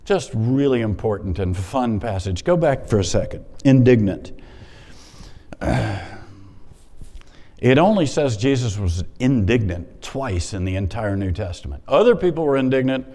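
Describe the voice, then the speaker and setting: Male pastor, mid-pitched voice, casual and animated sermon delivery, long hall reverb. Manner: conversational, animated, pauses to explain Scripture.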